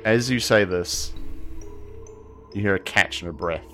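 A man narrating as game master for a tabletop game, halting often with fillers and restarts. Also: fairly low pitch, soft background music. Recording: steady background hiss.

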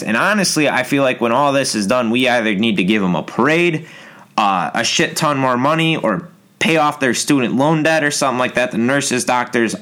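Man ranting on a podcast, profane, exasperated, rambling, mid pitch. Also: a bit bright. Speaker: podcast host. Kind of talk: casual ranting monologue.

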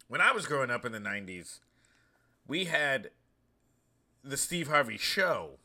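A man in his thirties hosting a show, talking in a chatty, storytelling way with animated asides. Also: mid-range voice, a little slow, long pauses. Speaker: host. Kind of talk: casual monologue.

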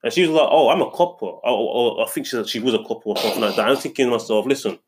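A man's voice: medium pitch, rapid-fire, slight background noise. A young man in casual chat, telling a story indignantly and rambling, with many restarts. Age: young adult.

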